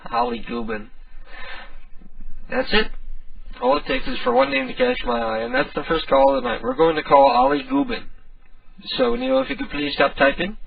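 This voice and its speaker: A man's voice: very high voice, animated, moderate pace, gravelly, no echo. A man hosting a prank call show, rambling and joking while a little tipsy, with a tinny, distant sound. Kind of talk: casual radio-style banter.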